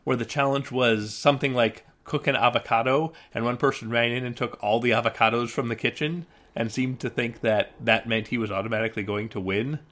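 A podcast co-host recaps TV shows in a casual chat, full of wry, rambling asides and frequent restarts. He talks briskly with few pauses, in a medium-pitched, fairly bright voice with fairly even intonation.

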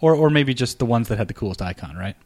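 A man's voice: medium pitch, expressive, fast, darkish tone, no room sound. A man co-hosting a podcast, chatting casually with a teasing, joking manner. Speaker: podcast co-host. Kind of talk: casual chat.

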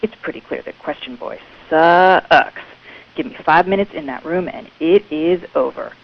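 A woman's voice: on the low side, moderate pace, close to an everyday voice. A woman doing a brash, perky reality contestant. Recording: muffled phone-line message with hiss.

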